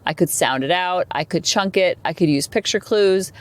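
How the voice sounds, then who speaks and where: A woman in her forties hosting a parenting podcast, talking casually in a chatty, rambling way with animated asides. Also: fairly low pitch, normal speed. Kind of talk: casual solo podcast talk.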